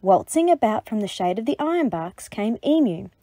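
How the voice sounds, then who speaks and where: A woman reading a picture book aloud to children, gentle and expressive. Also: medium pitch, moderate pace, no room sound. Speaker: storybook reader. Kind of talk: children's read-aloud narration.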